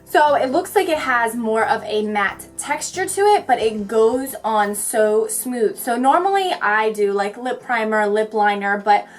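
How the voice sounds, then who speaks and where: A young woman chatting her way through a makeup tutorial, talking fast in a bubbly, goofy way. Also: on the high side, faint music behind. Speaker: beauty vlogger.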